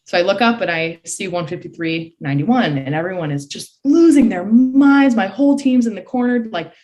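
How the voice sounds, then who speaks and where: A woman in her early twenties from Michigan, a guest excitedly retelling a race in a casual voice full of "like" fillers. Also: medium pitch, moderate pace. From Michigan, USA. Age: early 20s. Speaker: podcast guest, college swimmer. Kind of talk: casual storytelling.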